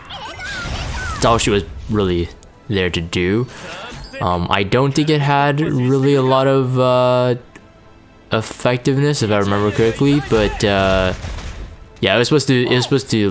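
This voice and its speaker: A man's voice: mid-range voice, big pitch swings, unhurried, over music. A man giving casual, rambling commentary over a replay of his own game, sleepy from just waking up, with many fillers and restarts.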